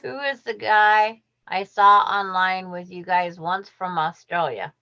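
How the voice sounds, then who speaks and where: Slow, chatty woman on a muffled call. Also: medium pitch, bright, forceful tone, smooth. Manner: chatty, with frequent restarts and trailing phrases. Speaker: co-host moderating a quilting livestream chat. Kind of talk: casual chat. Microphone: video call. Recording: dull, muffled video-call audio.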